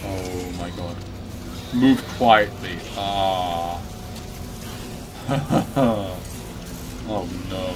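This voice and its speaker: A man's voice: sits low, drawn-out words, over music. A young man commentating a horror game as he plays, swearing often and yelping when startled. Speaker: gaming channel host.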